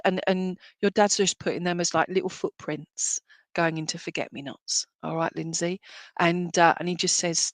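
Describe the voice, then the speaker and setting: With a lowish voice and no room sound, a woman serves as a medium giving spirit readings at a live-streamed church service. She speaks affectionately and reassuringly, often checking "all right?" with her listeners.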